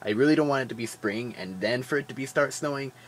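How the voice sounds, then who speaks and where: A man rambles through his daily vlog, tired but jokey and animated. His voice sits at an ordinary middle pitch and is full of fillers and quick asides. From Wisconsin. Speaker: vlogger. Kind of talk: casual daily vlog chat.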